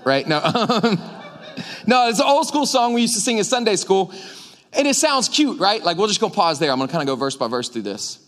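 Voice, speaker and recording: A man's voice: high-pitched, fast. A man preaching a casual, joking sermon to his church, talking with the congregation as he goes. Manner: joking, conversational, animated preaching with audience asides. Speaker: pastor. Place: church sanctuary.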